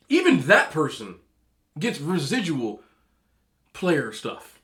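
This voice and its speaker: A man's voice: a little high, huge pitch swings, takes it slowly, pauses often, fairly bright tone. A man hosting a mukbang, giving opinionated casual rants while he eats and talks with his mouth full. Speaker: mukbang host. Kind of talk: casual ranting while eating.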